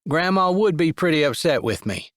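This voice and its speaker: A man's voice: a little high, animated, moderate pace, fairly bright tone, no echo, studio quality, voice pushed up. A male narrator voicing a playful, dramatic younger brother in an audiobook, speaking with a joking, smirking manner in a raised voice. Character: teasing, dramatic younger brother, adult man. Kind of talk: audiobook character voice.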